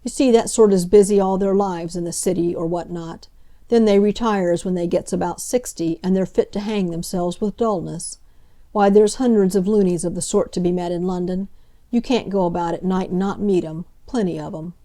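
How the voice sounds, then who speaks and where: A woman voicing a good-natured male police inspector who talks in a chatty, plain-spoken way, often with a lowered voice. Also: fairly even intonation, moderate pace, warm tone, natural voice. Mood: confiding.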